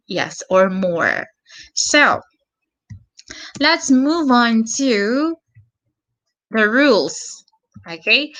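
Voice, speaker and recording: A woman gives an online English grammar lesson at a very slow, patient pace, repeating key words and spelling out endings letter by letter. Her voice is bright and clear. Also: mid-range voice. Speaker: English teacher.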